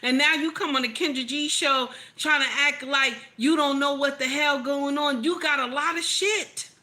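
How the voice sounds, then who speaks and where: Woman, streamer, casual commentary, bright tone, blunt, profane. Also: high-pitched, fairly even intonation, moderate pace. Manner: blunt, profane, laughs often, reads chat aloud. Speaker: commentator reacting to a clip.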